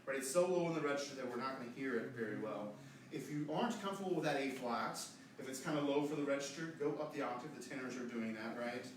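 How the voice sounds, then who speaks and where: A man directing a choir rehearsal, coaching the singers briskly and demonstrating phrases with his voice. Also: mid-range voice, slight background noise. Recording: echoey room, distant mic, choir and piano.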